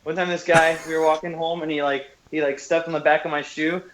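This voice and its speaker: A man's voice: on the high side, little pitch movement, fairly quick, a bit bright, a little hiss or hum, rough recording. A young man co-hosting a casual podcast chat, brash and full of crude jokes. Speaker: podcast co-host.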